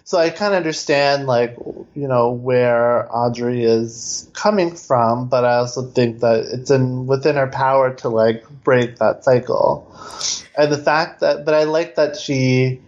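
A man's voice: mid-range voice, unhurried, darkish tone, highs cut off. A man co-hosting a casual film podcast, talking thoughtfully with frequent restarts. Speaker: podcast co-host.

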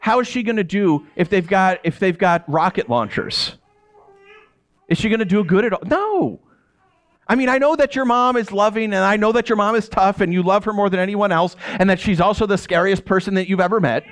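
A man with a high voice leads a relaxed Bible teaching. His pitch swings widely as he talks. He is chatty and animated, laughs easily, and keeps tossing rhetorical questions at his listeners. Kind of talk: casual expository Bible teaching.

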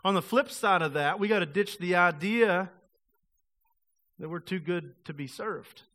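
A man's voice: sits high, a little slow, sharp tone. A male pastor preaching a sermon in a casual, conversational way, acting out quoted voices of the people he talks about.

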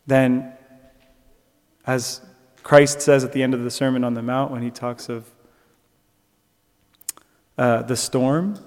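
A young man reflects on a sermon in a mid-range voice, with a long reverb tail trailing his words. As a preacher he talks conversationally, with fillers and restarts, and becomes animated in his stories.

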